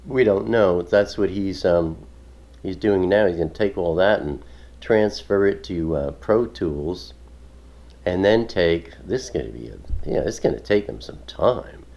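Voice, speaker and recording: A man's voice: low-pitched, expressive, a little slow, a little mellow, muffled recording. A man hosting his own video, chatting casually and rambling with chuckles and many fillers. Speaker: ministry video host. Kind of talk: casual home video chat.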